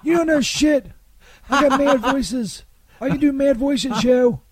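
A man playing a bumbling Saint Peter in a comedy sketch, stammering and quick to take offence. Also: extremely high pitch, no echo. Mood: flustered. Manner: stammering, hesitant, touchy.

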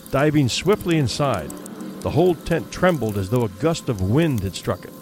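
A male narrator reads a horror tale in a measured, steady storytelling voice at a middling pitch. Faint music sits behind him. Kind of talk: audiobook narration.

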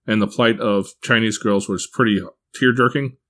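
Lowish man telling his story. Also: steady tone, normal speed, a bit bright. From Missouri. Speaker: adoptive parent sharing his story. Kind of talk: casual personal storytelling.

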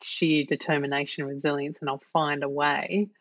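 A woman's voice: low-pitched, level tone, moderate pace, fairly bright tone. A woman hosting a podcast, asking thoughtful, probing questions. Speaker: podcast host. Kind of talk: reflective interview questions.

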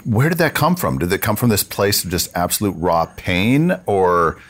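A very deep-voiced male host whose pitch rises and falls a lot as he speaks. He mostly gives short reactions and then asks probing follow-up questions. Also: sing-song, normal speed, fairly bright tone. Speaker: podcast host. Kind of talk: interviewer asking follow-up questions.

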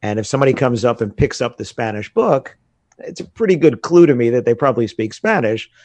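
An American man talking casually in an interview, telling animated stories about learning a language. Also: medium pitch, a little fast, no echo. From United States. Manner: animated storytelling with laughs. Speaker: guest. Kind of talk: casual conversation.

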